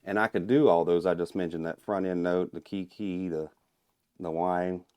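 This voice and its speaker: A man from Minnesota, a guest on a podcast, explaining things in a relaxed, casual way and chuckling often. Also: low-pitched, moderate pace, clean tone. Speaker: guest, turkey call maker and calling champion.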